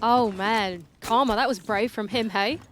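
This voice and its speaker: Aussie woman esports caster, highish voice, chatty and teasing. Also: unhurried, a bit bright, slight background noise. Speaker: colour caster. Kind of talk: esports commentary.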